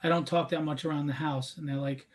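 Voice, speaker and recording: Male live-stream host, slightly high voice, talkative, casual and upbeat. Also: steady tone, quick pace. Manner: chatty and upbeat, self-mocking. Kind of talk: casual chat.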